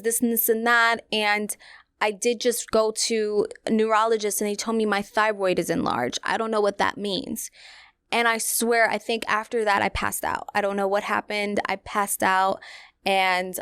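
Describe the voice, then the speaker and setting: A woman's voice: medium pitch, fairly bright tone, clean tone, no echo. A young woman, hosting a podcast and candidly telling a personal story to her listeners in a casual, chatty way. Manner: candid, conversational, many fillers, addresses listeners directly. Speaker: podcast host.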